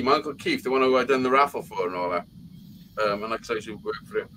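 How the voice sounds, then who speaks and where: A man's voice: fairly low pitch, rapid-fire, pushed and bright, slight background noise, poor audio. A man telling long, rambling anecdotes in casual chat, swearing constantly. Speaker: live show chat participant. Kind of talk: casual profane storytelling.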